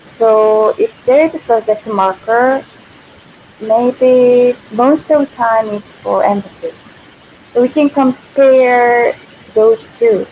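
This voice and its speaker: A woman's voice: on the high side, a little mellow, poor audio. A woman with a Korean accent teaching her native language on a casual livestream. She giggles often and restarts and repeats her phrases. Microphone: built-in device mic, no external microphone. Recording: faint background noise, no proper mic.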